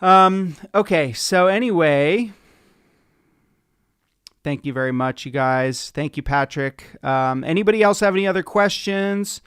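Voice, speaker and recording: A man's voice: sits high, animated, measured pace, a bit bright, clear, resonant tone, no room sound, studio quality. A man giving a casual, rambling guitar lesson on a home livestream, chatting with viewers by name. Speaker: guitar teacher. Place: home room, dim lighting. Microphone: livestream setup. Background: guitar playing.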